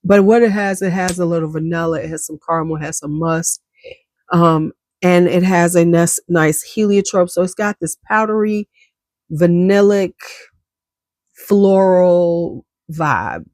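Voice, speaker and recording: A woman's voice: lowish voice, steady tone, normal speed, a little mellow, no echo, studio quality. A woman giving a casual, enthusiastic perfume review, chatty and full of slang, coughing now and then. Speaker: beauty vlogger.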